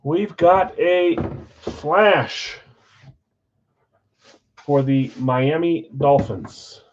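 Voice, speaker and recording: A man hosting a live-streamed card break, chatting with viewers and calling out countdowns in an energetic, auctioneer-like way. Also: fairly high pitch, highs cut off. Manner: auctioneer-like rapid calls.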